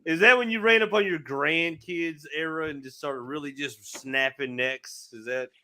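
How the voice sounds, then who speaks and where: Joking co-host, somewhat high voice. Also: male voice, normal speed, sharp tone. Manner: joking, teasing, profane. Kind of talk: casual podcast chat.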